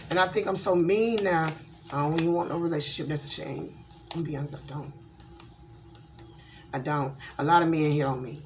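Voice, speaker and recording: A middle-aged woman with a voice set a little low. She talks bluntly and candidly, rambling along with plenty of fillers in a casual vlog, the way a tarot reader chats to her viewers. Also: steady tone, brisk, pauses often, slight background noise. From Georgia, USA.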